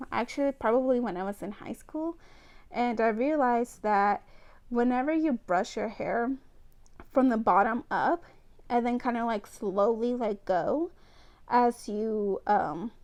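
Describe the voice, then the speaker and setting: A woman's voice: on the high side, measured pace, darkish tone. Giggly young woman chatting through a hair tutorial. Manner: chatty, giggly, self-teasing. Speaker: beauty vlogger.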